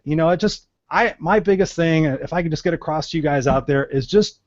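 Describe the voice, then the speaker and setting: A man co-hosting a casual panel talk, telling stories in an animated way and acting out the quotes. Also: on the high side, brisk, no echo. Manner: animated storyteller, acts out quotes. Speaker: co-host. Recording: dull lo-fi web-show audio.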